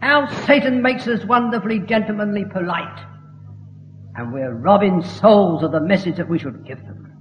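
A man's voice: high voice, expressive, moderate pace, soft background music. A man preaching a sermon, emphatic and building to fervent declamation. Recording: echoey hall, dull lo-fi sound.

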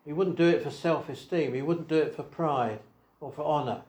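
A man preaching an evangelistic sermon, asking rhetorical questions and swinging between quiet asides and raised emphasis. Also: on the high side, moderate pace. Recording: echoey hall.

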